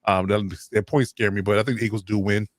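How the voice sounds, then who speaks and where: A man's voice: fairly low pitch, steady tone, fast, dry recording, studio quality. A man hosting a casual sports talk show, upbeat and asking each guest for their picks. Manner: upbeat, steers the round of picks, many fillers.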